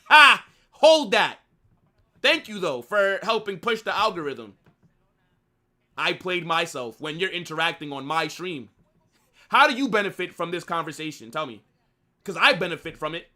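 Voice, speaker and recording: A young man runs a live football watch-along and spars with his chat, mocking and needling the commenters. His voice sits high and bright, and his pitch swings widely as he talks. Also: expressive, normal speed, pauses often.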